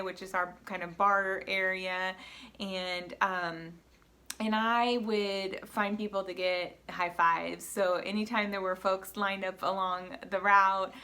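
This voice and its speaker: A woman in a casual vlog, telling a personal story with earnest, emotional warmth. Her voice is clear and bright, with an average pitch. She talks loosely, with many fillers and restarts. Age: adult with a school-age daughter. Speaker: vlogger.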